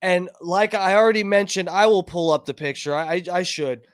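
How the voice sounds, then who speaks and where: A man's voice: high voice, moderate pace, clean tone, no echo, clean studio sound. A man commentating online in an angry, profane political rant, repeating himself as he goes.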